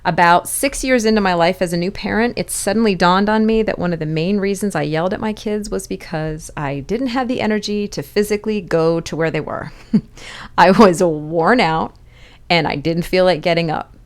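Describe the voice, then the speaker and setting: A middle-aged woman talks straight to her listeners as the host of an education podcast. Her voice sits a little low, and she speaks with a candid, friendly ease, now and then slipping in a small laugh. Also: moderate pace. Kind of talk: conversational advice talk.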